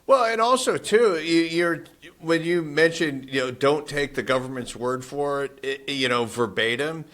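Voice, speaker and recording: Podcast co-host, male, slightly high voice, skeptical and rambling. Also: unhurried, fairly bright tone. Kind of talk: casual political chat.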